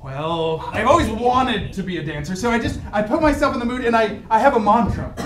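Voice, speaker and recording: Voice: medium pitch, brisk, distant mic, a crowd in the background, close to an everyday voice. An improv performer playing Sam, an awkward, hopeful would-be dancer, in a live comedy scene. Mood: earnest. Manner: bashful, stammering, then boldly determined. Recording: echoey club with audience noise.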